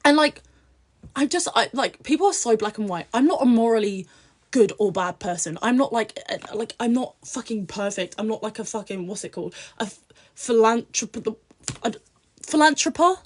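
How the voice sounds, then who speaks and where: A young British woman, an influencer guest, chatting bluntly and profanely on a podcast, swinging from low mutters to loud outbursts. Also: expressive, moderate pace. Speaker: social media influencer guest. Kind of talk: casual podcast chat.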